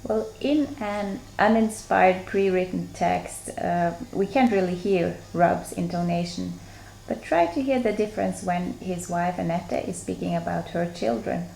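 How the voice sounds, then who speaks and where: A woman giving a scripted lesson, explaining points in a measured way as she reads from notes. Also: fairly low pitch, vocal fry, a little mellow, a little hiss or hum. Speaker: student presenter.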